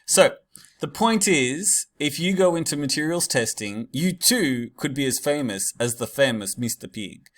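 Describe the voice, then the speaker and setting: A man's voice: on the high side, lively intonation, a little slow, a bit bright. Casual male teacher lecturing. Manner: casual, digressive, many fillers. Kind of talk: classroom lecture.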